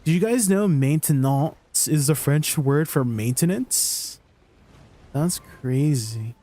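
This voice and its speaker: A man's voice: fairly high pitch, animated, unhurried, dark tone. A man streaming a game, chatting casually and rambling, often asking his chat questions and laughing easily.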